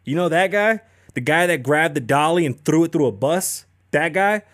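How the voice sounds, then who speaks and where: Man podcast host, fairly high voice, profane, animated rant, casual chat. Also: normal speed, no echo, clean studio sound.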